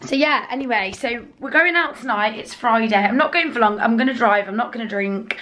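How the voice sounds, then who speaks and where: A woman's voice: a little high, a little fast, a bit bright. A woman in her twenties chatting casually to the camera in a rambling, chatty way, sometimes swearing when annoyed, filmed on a dashboard camera in a car. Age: 20s. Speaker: vlogger. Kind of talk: casual vlog chat.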